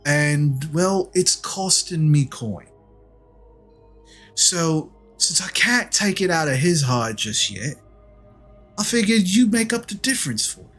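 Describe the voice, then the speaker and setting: A man's voice: fairly high pitch, lively intonation, slow, a bit bright, husky, soft background music, pitched above the performer's own voice, exaggerated voice. A man playing a smug, sneering corrupt guard. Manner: sneering, threatening, mock-polite. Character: smug corrupt male city guard running an extortion racket.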